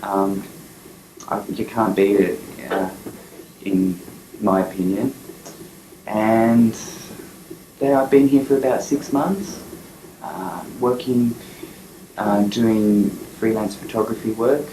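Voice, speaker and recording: A man's voice: on the low side, fairly even intonation, slow, pauses often, mellow, echoey room, slight background noise, rough recording. A man who works as a freelance photographer, telling a story in a chatty, rambling way in an interview. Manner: rambling, chatty, with frequent fillers and laughs. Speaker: freelance photographer and documentary maker.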